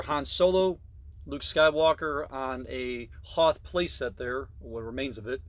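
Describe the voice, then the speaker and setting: A man's voice: mid-range voice, fairly bright tone. A middle-aged man casually narrating a tour of his collection in a basement, with frequent fillers and self-corrections. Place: basement room.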